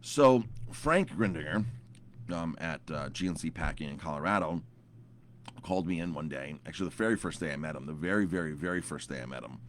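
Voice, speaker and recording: A man's voice: rumbling low, lively intonation, a little fast, a little hiss or hum. A man in his thirties, a chef, telling a story to camera in a casual, rambling way with lots of repeated words and fillers.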